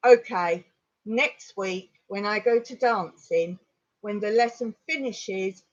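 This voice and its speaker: A middle-aged woman from England, telling a long personal story on a livestream in a rambling, animated way. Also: medium pitch, slow pace, lo-fi sound. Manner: rambling, animated retelling with laughs. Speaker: vlogger on a livestream.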